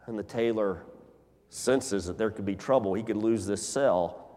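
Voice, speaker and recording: A male pastor preaching a sermon in a church, telling stories with animated delivery. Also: fairly low pitch, normal speed. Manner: animated storyteller, acts out scenes. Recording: long hall reverb.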